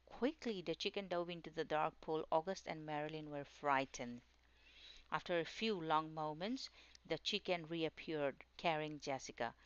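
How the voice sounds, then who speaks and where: A woman narrating a children's storybook in a gentle, steady storytelling manner. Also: sits low, moderate pace, clear, resonant tone, highs cut off.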